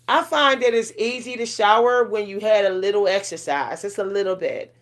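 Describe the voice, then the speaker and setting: A woman's voice: mid-range voice, normal speed, few pauses. A middle-aged woman vlogging casually about self-care, talking frankly and rambling with lots of fillers.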